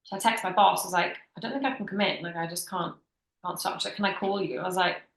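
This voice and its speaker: A young adult woman co-hosting a podcast, telling stories in a casual, animated way. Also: on the low side, fast, vocal fry, echoey room, slight background noise, low-quality recording. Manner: chatty, animated storytelling with quoted voices. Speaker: podcast co-host. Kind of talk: casual chat.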